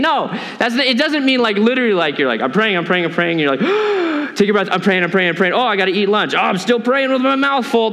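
A male pastor with a high, lifted voice delivers a conversational sermon, slipping into quick acted asides to make his point. His words ring out with a long reverb from the church hall around him. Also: fairly bright tone.

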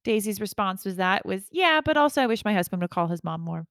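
A woman's voice: medium pitch, very animated, quick pace, fairly bright tone, no room sound. A woman hosting a casual podcast, upbeat and laughing often as she gives out points. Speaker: podcast host. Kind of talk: casual chat.

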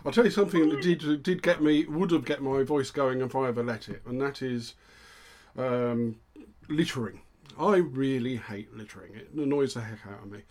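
A man's voice: mid-range voice, normal speed, a little mellow. Dry-humoured man co-host. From England. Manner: dry, jokey, self-deprecating. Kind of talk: casual chat.

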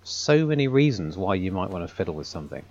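A man with a fairly low voice holds forth in a relaxed podcast chat, putting his points in long, articulate sentences with a dry, wry edge. His audio sounds slightly muffled and lo-fi. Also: fast talker. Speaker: podcast co-host, audio drama writer. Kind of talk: casual podcast discussion.

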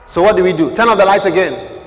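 Male preacher, high voice, dramatic swings between loud and hushed, long church-hall reverb. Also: lively intonation, fast talker, slight background noise. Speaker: pastor. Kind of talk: sermon.

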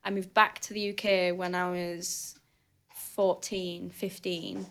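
A woman's voice: on the low side, takes it slowly. A woman in her twenties from Hull with a thick Northern English accent, telling stories as a guest in a casual chat, with lots of fillers. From Hull, England, raised in southern Spain. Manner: chatty, animated storyteller with frequent fillers. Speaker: guest athlete.

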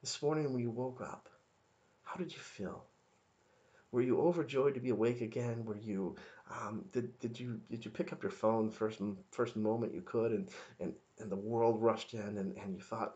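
A man's voice: fairly low pitch, steady tone, moderate pace, darkish tone, muffled recording. A man giving an informal devotional talk, earnest and conversational, often stopping and restarting his sentences. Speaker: podcast devotional speaker.

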